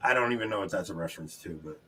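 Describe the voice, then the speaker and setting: A man with a Long Island New York accent hosting a casual trivia livestream from his home, upbeat and chatty, laughing often and tossing quick asides to the chat. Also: deep voice, pushed and bright, breathy edge. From New York, United States. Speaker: trivia show host.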